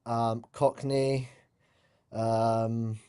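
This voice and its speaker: A man's voice: medium pitch, level tone, extremely slow, dark tone, smooth. A man from England with a Southern English accent, calling in to a sports talk show and chatting in an easygoing, modest way. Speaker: caller. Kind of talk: casual call-in chat.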